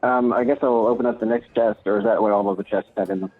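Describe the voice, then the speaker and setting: A man's voice: on the low side, steady tone, quick pace. A man playing a tabletop game online, talking chattily with hesitant restarts. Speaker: player. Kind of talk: casual tabletop game chat. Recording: dry tinny phone-like line.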